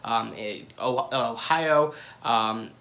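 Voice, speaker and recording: A young man with a bright, forceful voice talks through his opinions on a solo podcast. He rambles and restarts his sentences, and drops in casual swearing. His pitch sits in an ordinary middle range. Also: extremely slow. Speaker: podcast host.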